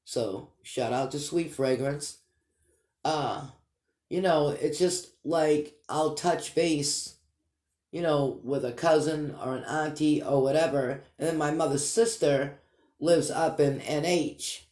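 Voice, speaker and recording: A man's voice: on the high side, slow pace, darkish tone. A man with a Boston accent, chatting casually and rambling upbeat to his vlog viewers. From Massachusetts. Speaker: vlog host. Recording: echoey room.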